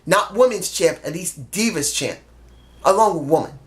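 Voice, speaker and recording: A man's voice: high-pitched, expressive, normal speed. Blunt, profane man ranting a review. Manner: blunt, profane, heated, repeats himself for emphasis. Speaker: wrestling show reviewer. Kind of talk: opinionated solo review rant.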